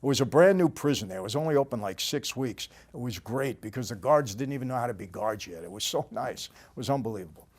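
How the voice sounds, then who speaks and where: An older man with a New York accent telling a story in a casual, plain-spoken way, often trailing off quietly at the end of a sentence. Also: expressive, fast, few pauses. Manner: conversational, plain-spoken, drops to a low murmur at line ends. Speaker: storytelling host.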